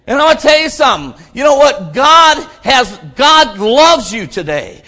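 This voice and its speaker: A man preaches at a church service. His voice sits high and rings sharp and bright. He delivers a fervent revival sermon, hammering repeated phrases and climbing into shouts. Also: very animated, moderate pace, few pauses. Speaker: pastor.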